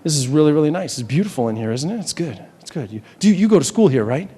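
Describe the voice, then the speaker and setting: Recorded live in a big campus hall with long reverb, this stage hypnotist from New Hampshire, USA, rambles loosely with volunteers, often restarting his sentences. He talks quickly in an expressive, mellow voice that sits on the high side with a breathy edge.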